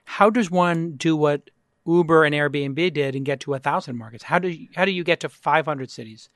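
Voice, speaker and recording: A man hosting a podcast in casual conversation, telling stories with rising excitement and acting out quotes. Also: fairly high pitch, normal speed, no echo, clean studio sound. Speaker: podcast host. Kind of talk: casual chat, retelling a film scene.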